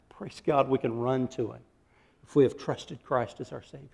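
A man preaching a sermon as pastor, animated, acting out quotes and laughing often. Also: mid-range voice, moderate pace, vocal fry. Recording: long hall reverb.

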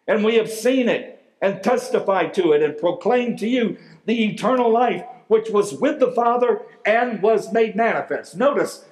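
A man preaching with a high, light voice, slow and deliberate, leaning hard on key words. The sound rings around a roomy hall. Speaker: pastor. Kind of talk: sermon. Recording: echoey room.

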